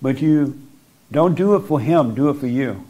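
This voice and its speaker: This man's mid-range voice has a dark tone and lively intonation, moving at normal speed. Into a microphone, he offers someone in front of him blunt spiritual counsel, insistently repeating himself to press each point.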